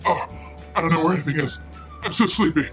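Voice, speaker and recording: A woman's voice: deep voice, fast, faint music behind, pitched below the performer's own voice, natural voice. A woman voicing a whining male cab driver who fakes injury, groaning melodramatically. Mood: moaning.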